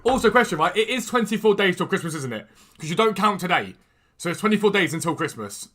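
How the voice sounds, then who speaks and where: A man hosting a gaming livestream, chatting quickly and enthusiastically as he trades and answers questions from chat. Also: sits high, sing-song, fairly bright tone. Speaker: gaming streamer and video host. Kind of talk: casual livestream chat while trading in a football game. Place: room at home with a door.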